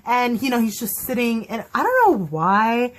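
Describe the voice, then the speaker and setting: Chatty, excitable young woman vlogger. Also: a little high, normal speed. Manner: chatty and excitable, acts out quotes, laughs often. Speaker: vlogger reviewing a TV episode. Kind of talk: casual chat.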